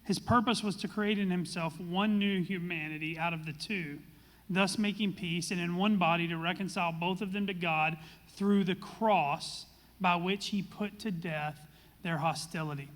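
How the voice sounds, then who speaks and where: A man's voice: high voice, steady tone, moderate pace, a bit bright, in a large hall. A man, a pastor, preaching and then leading a panel discussion in an earnest, conversational way. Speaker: pastor hosting a church discussion. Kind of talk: sermon and moderated panel.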